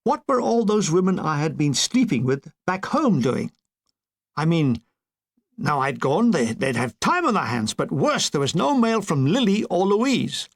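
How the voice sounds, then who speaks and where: A man's voice: fairly high pitch, big pitch swings, unhurried. An older man reading his own war memoir aloud, with dry comic timing. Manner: dry comic delivery with brief put-on voices. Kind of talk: audiobook narration.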